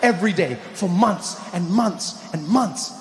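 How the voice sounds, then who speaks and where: A man doing stand-up in a large live venue, telling a story with animated delivery and shouted punchlines. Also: high voice, measured pace, a little hiss or hum. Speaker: stand-up comedian. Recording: live show in a reverberant venue.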